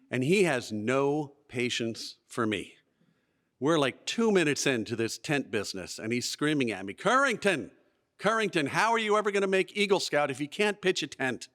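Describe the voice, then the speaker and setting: A man's voice: mid-range voice, a bit bright. A man telling a self-deprecating, comic personal story live on stage before an audience. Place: museum event space before an audience.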